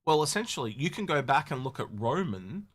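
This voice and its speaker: A man co-hosting a casual podcast, rambling and animated with many restarts. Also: mid-range voice, a little fast, breathy edge. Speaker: podcast co-host. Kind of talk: casual chat.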